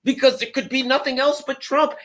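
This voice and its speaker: A man's voice: very high voice, flat delivery, a little fast, fairly bright tone. A man giving sarcastic political commentary as a guest, mocking politicians by acting out their words. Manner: sarcastic, mocking, acts out politicians in quoted voices.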